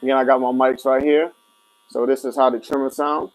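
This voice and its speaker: A chatty man runs a casual livestream, demoing gear and responding to comments as he goes. His voice is mid-pitched and level, his pace brisk, and the audio quality is poor.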